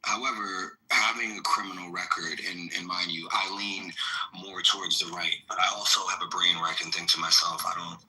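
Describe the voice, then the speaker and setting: A man speaking in a live audio-room debate, hesitant and full of fillers but measured. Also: deep voice, steady tone, pushed and bright, rough recording. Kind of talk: casual debate talk.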